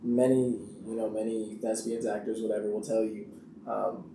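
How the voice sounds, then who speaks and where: A young man, an actor, chatting casually in an interview and telling stories in an animated way with frequent laughter. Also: on the low side, moderate pace, gravelly, distant mic. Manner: animated storyteller who laughs often and acts out quotes. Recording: roomy echo, off-mic, faint background hiss.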